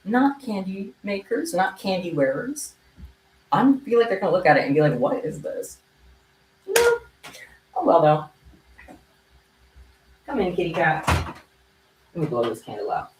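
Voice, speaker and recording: A woman's voice: fairly low pitch, wildly swooping pitch, moderate pace, long pauses, darkish tone, a little hiss or hum. A young woman chatting casually on a livestream while she makes bracelets at home, with a chatty manner. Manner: chatty, meows at her cat. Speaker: streamer making kandi bracelets. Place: home room. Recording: echoey room, faint ambience.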